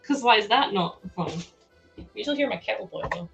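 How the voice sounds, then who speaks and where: Woman, young, sore throat, chatty, giggly, headset mic, mid-pitched, gravelly. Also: expressive, a little fast, muffled recording, soft background music. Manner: chatty, giggly, reacts to chat aloud. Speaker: livestream host. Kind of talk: casual livestream chat while building.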